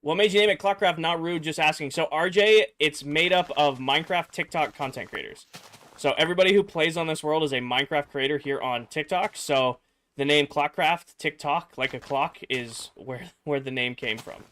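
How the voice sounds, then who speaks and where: A man's voice: fairly high pitch, normal speed. Male streamer, young adult, worn out after work, easygoing chatter between viewer questions. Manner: relaxed, chatty, reads chat aloud and mutters while building. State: tired after a workday. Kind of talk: casual livestream chat.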